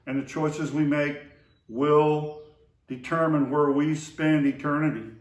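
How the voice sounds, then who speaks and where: A man's voice: on the high side, steady tone, measured pace. A man recalling old times in a casual, rambling way, full of fillers and restarts. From Oklahoma to Texas area. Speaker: storyteller remembering his brother. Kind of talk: casual spoken memories. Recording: roomy echo, voice far from the mic.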